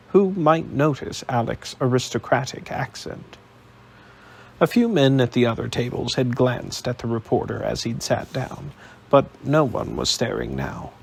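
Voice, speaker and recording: A man narrating an audiobook in a steady, even storytelling manner. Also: medium pitch, creaky, a little hiss or hum.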